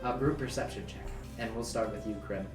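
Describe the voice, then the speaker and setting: A man narrating a tabletop game as game master in a relaxed, casual way. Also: medium pitch, fairly quick. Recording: echoey room with music behind.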